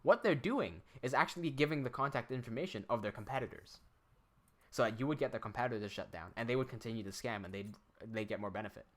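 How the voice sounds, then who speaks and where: A man's voice: medium pitch, quick pace. A young man, chatting casually and profanely on a live stream, often laughing.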